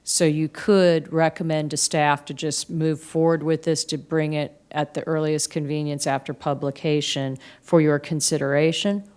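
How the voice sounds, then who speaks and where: Low-voiced woman briefing a county board. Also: level tone, normal speed, few pauses, darkish tone, clear, resonant tone. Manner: explanatory, procedural, many fillers. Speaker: county staff presenter. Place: county commission meeting room.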